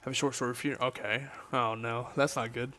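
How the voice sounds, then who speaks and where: A man's voice: mid-range voice, fairly even intonation, a little fast, sharp tone. Chatty young man streaming a game. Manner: chatty, jokey, reads chat aloud. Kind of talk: casual livestream chat while gaming.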